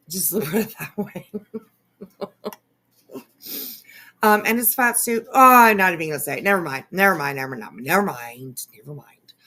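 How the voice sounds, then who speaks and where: A woman's voice: on the low side, a bit bright. A woman hosting a casual live stream, reacting to a clip with frequent laughter and free swearing as she chats with viewers. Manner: laughs often, swears freely, talks slowly. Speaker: streamer host.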